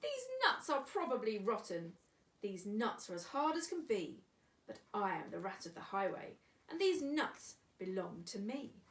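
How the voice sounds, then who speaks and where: A woman reading aloud, voicing a greedy, bullying male rat highwayman who chants his loud demands. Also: big pitch swings, measured pace, far from the mic. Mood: bossy. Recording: echoey room, away from mic.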